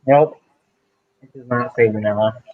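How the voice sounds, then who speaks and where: A man's voice: mid-range voice, unhurried, phone-quality sound, slight background noise. A man tasting beer and describing it in a rambling, casual way as a guest on a video call.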